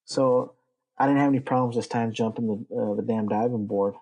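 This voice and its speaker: A man's voice: mid-range voice, steady tone, brisk, darkish tone, husky, poor audio. A man from Texas, a Navy veteran being interviewed, telling rambling stories full of fillers and swearing. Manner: rambling, profane, lots of fillers. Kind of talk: casual storytelling.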